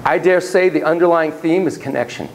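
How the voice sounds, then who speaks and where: A man lecturing in a classroom, his voice sitting a little higher than most men's. He delivers the lesson theatrically and swings between quiet asides and sudden exclamations. He keeps putting questions to the class, with a faint hiss of noise under the recording. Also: a little fast, poor audio. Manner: animated, theatrical, jumps between hushed and exclaiming.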